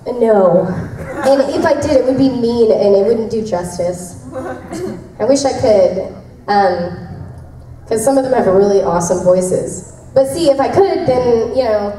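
A higher-pitched woman with a soft, mellow tone chats with fans in a bubbly, rambling way, laughing often between her stories. She sounds distant from the mic in a very echoey convention room, with a faint hiss of noise underneath. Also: animated, measured pace. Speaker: voice actress answering fan questions. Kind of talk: casual convention Q&A.

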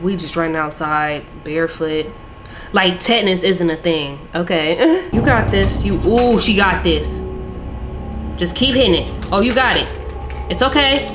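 A young woman reacting to a movie with loud, animated commentary, often yelling at the screen. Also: fairly low pitch, a little slow, over music. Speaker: YouTuber reacting to a film. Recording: film soundtrack playing behind.

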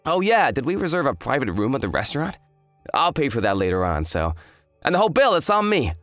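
A man's voice: mid-range voice, very animated, a little fast, fairly bright tone, dry recording, soft background music. A man voicing an arrogant, hungover young fiancé who talks in a smug, dismissive drawl. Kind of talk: dramatized story voice acting.

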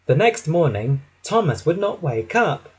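Slow, expressive male storybook reader. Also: a little high, slightly rough, rough recording. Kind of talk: children's story narration.

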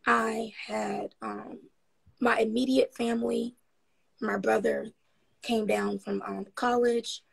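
Woman guest, rough breathy rasp, rambling frank storyteller with lots of ums, upbeat. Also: a little high, little pitch movement, slow pace, low-quality recording. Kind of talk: casual interview storytelling.

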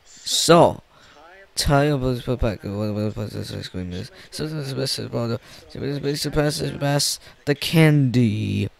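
A man retelling a picture book story aloud in a halting way, repeating words as he goes. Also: medium pitch, creaky, dry recording.

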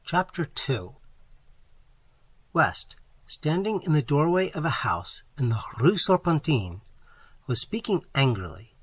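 A man narrating an audiobook in an expressive, dramatic reading style. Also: on the high side, slow, long pauses, slightly rough, no echo.

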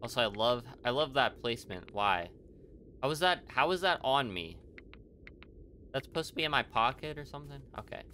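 A man's voice: medium pitch, animated, normal speed, bright, forceful tone, a little hiss or hum. A young man playing a horror game, reacting jumpily, swearing and talking to himself. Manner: jumpy, swearing, talks to himself. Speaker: let's play gamer.

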